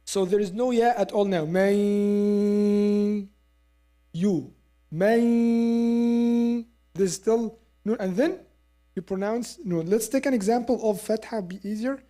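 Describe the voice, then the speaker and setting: A woman teaching Quran recitation in a lesson, explaining step by step and modelling the sounds slowly with repeats. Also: medium pitch, warm tone. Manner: explains step by step, asks listeners to agree. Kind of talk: classroom lesson.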